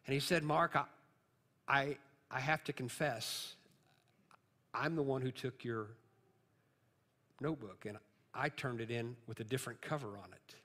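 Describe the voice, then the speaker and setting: Male preacher, mid-pitched, storytelling sermon that swells to emphatic peaks, in a church with a long reverb tail. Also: normal speed, fairly bright tone. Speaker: pastor.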